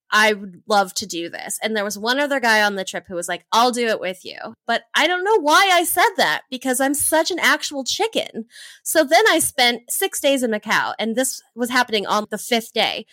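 Lively, bright-voiced woman telling travel stories. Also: on the high side, moderate pace, no echo. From Hawaii. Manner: enthusiastic, laughs often, acts out her own past thoughts. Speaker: guest, travel entrepreneur. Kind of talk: animated storytelling in an interview.

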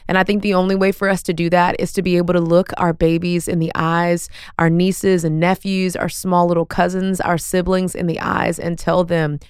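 A woman's voice: fairly low pitch, level tone, moderate pace, few pauses, a little mellow, clear, resonant tone, no room sound, clean studio sound. A woman, hosting a podcast and talking in an earnest, folksy, emphatic way. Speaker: podcast host. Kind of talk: casual podcast talk.

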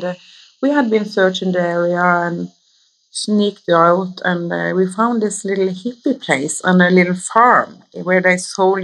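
A woman's voice: fairly low pitch, a bit bright. A woman sits for an interview and tells her story in long, loose anecdotes. She often restarts her sentences and talks in an easy, conversational way. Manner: rambling, anecdotal, frequent restarts. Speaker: interview guest.

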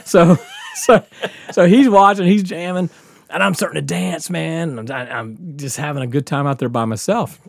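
A man's voice: a little high, moderate pace, vocal fry, dry recording, studio quality. A man in his fifties telling a wild story on a podcast, swearing freely and laughing as he goes. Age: 50s. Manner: animated, profane, laughing through a wild story. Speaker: podcast co-host. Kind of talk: casual storytelling chat.

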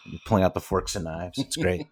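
A man's voice: low voice, expressive, brisk. A man guesting on a casual podcast chat, rambling loosely with lots of "like"s. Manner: loose, full of "like"s.

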